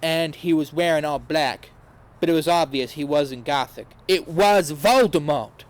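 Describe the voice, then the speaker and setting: A podcast host reads aloud in a comedic, dramatic style, putting on a mock-earnest tone and tossing in sarcastic asides. His voice sits a little high and moves at a measured pace.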